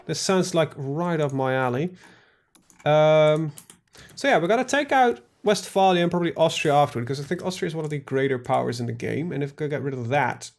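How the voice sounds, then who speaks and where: A man's voice: a little high, a little fast, vocal fry. A man live-streaming a strategy game, talking casually to himself and his chat, full of ums and the odd swear word. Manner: thinks aloud, lots of ums, casual swearing.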